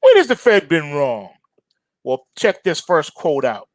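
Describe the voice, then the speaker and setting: A man's voice: fairly high pitch, very animated, a little slow, no echo. A man hosting a market commentary monologue, sardonic and emphatic, mocking as he goes.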